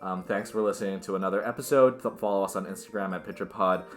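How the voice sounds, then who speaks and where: Deep-voiced young man, easygoing podcast host. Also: fairly even intonation, quick pace. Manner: easygoing, reads the sign-off plugs. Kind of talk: casual chat.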